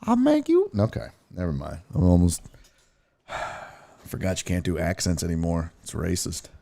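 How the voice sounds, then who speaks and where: A man's voice: low-pitched, huge pitch swings, moderate pace, gravelly, dark tone. A man hosting a sports livestream in casual chat, joking around with playful, crude banter while reading viewer donations. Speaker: sports show host.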